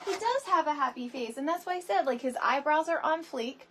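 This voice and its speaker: Lively, chatty woman hosting a craft stream. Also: sits high, brisk, a little hiss or hum. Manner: chatty and animated, greets viewers by name. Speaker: craft tutorial livestream host. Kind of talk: casual live crafting chat.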